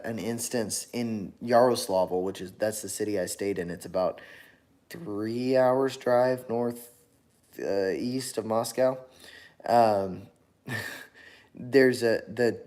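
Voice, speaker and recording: A man's voice: on the low side, darkish tone. A tired man talking on his own channel in a casual, rambling monologue, full of fillers and restarts. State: tired after a long workday. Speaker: channel host.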